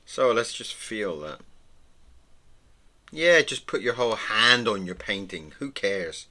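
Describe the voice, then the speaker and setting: Art teacher, male, lowish sharp voice, gentle and encouraging, slips into whispers. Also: big pitch swings, takes it slowly. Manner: soft-spoken, often drops to a whisper; playful, encouraging. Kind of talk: relaxed drawing tutorial.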